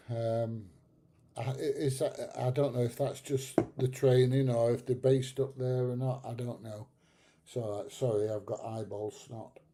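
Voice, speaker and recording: A man's voice: mid-range voice, mellow. A middle-aged man hosting a casual livestream, chatting to viewers and laughing at his own stories, with the odd bit of swearing. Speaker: livestream host. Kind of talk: casual chat with live viewers.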